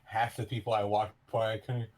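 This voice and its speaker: A man's voice: fairly low pitch, level tone, a little fast, a little mellow. A man playing in a tabletop game, casually describing his character's actions. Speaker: player. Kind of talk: tabletop role-play.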